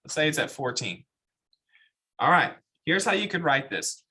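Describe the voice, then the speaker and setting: A man's voice: on the high side, big pitch swings, normal speed, pushed and bright. A man teaching a math class, explaining step by step and asking the students questions. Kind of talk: classroom lecture.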